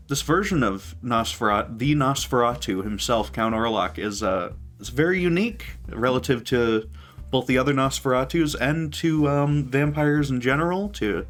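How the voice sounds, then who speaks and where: A man's voice: mid-range voice, moderate pace, soft background music. A man hosting a casual film podcast, talking loosely and laughing often. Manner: relaxed, rambling, laughs often. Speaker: podcast host. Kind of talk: casual chat about a film.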